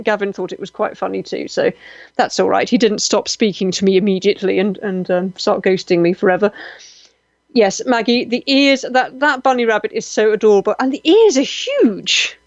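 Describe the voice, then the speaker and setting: A woman's voice: mid-range voice, no room sound, dull audio. A woman hosting a live radio show, chatting animatedly with listeners' comments and joking through anecdotes. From Malta. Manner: animated, gushing with exclamations, self-deprecating humor.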